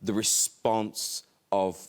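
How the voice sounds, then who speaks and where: A man's voice: lowish voice, level tone, very slow, clean tone. A man with an Irish accent, a talk show host putting questions to his guests.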